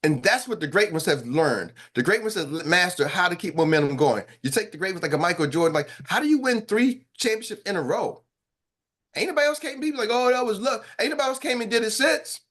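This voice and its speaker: A man hosting a morning sales-training call as coach, talking in an animated, hyped and slangy way with quick asides. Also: high-pitched. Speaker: sales coach and show host. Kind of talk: energetic motivational team talk.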